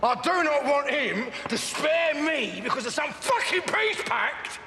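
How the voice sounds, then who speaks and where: A rambling, profane gangster boss. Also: male voice, extremely high pitch, expressive, unhurried, pushed and bright, exaggerated voice. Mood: ranting. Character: volatile rambling middle-aged London gangster boss. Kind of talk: television crime drama acting. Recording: film soundtrack with background noise.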